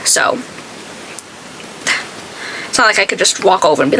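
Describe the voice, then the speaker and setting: A woman's voice: high-pitched, sing-song, moderate pace, pauses often, fairly bright tone, slight background noise, low-quality recording. A woman beauty vlogger chatting casually while she does her makeup, telling stories and acting out what other people said. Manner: chatty storytelling, acts out quoted people.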